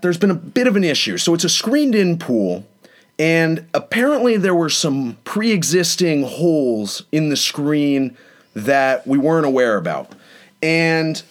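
Casting: young male host, lively storyteller, voice sits a touch high, swings up when quoting people. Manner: animated, dramatic retelling with rising pitch on quotes. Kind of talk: casual storytelling chat.

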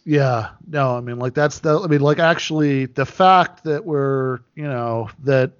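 A man's voice: mid-range voice, a little slow, clear, resonant tone. A man talking as a podcast guest in casual chat, hesitant, with many fillers and restarts. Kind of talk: casual chat over a call. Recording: dull lo-fi sound.

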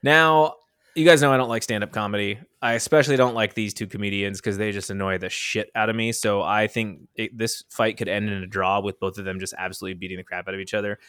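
A man's voice: fairly low pitch, steady tone, fast, fairly bright tone, clean tone, no echo, clean studio sound. A man co-hosting a podcast in casual chat, laughing often and breaking into goofy singing. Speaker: podcast co-host.

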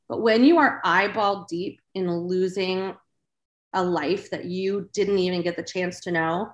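A woman's voice: lowish voice, a bit bright. A woman guest on a faith-based podcast, speaking earnestly and emphatically with encouragement. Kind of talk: faith-based casual chat. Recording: roomy echo.

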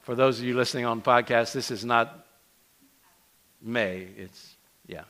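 A man's voice: mid-range voice, a little slow, fairly bright tone. A middle-aged man, a pastor, preaching a casual, conversational sermon to his congregation, with self-deprecating asides and frequent restarts. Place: church sanctuary.

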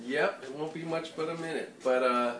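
A man's voice: on the high side, fairly even intonation, normal speed, fairly bright tone, echoey room, distant mic, a little hiss or hum. A man co-hosting a casual podcast with his wife, easygoing and laid-back, chiming in to correct details. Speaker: podcast co-host. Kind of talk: casual chat.

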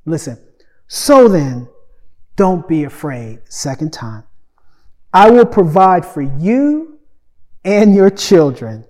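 A man preaching a sermon as pastor, swinging from loud emphatic lines to soft, hushed asides and repeating phrases for emphasis. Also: high voice, sing-song, slow, pauses often. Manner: repeats phrases for emphasis, addresses listeners with "Listen".

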